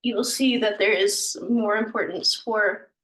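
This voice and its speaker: A woman's voice: mid-range voice, fairly even intonation, measured pace, a bit bright, echoey room, far from the mic, poor audio. A woman whose first language is English, teaching a language lesson in a patient, informal way with many ums and self-corrections.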